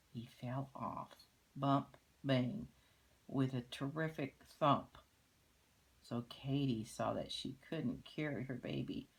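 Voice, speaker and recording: An older woman reading a picture book aloud, gently pointing out details in the pictures. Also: a bass voice, breathy edge, low-quality recording. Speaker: grandmother reading to children.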